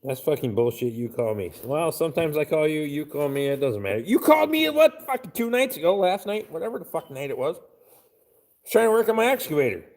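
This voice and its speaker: Gravelly, foul-mouthed live streamer man. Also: fairly high pitch, very animated, quick pace, a little mellow. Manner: crude, blunt, swears constantly. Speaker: live streamer reading chat. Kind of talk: casual profane live stream chat.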